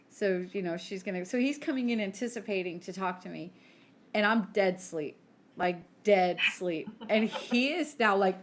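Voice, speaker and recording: A woman in her thirties, co-hosting a podcast, telling stories in animated casual chat and acting out the quotes. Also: medium pitch, moderate pace. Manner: animated storyteller who acts out quotes. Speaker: podcast co-host.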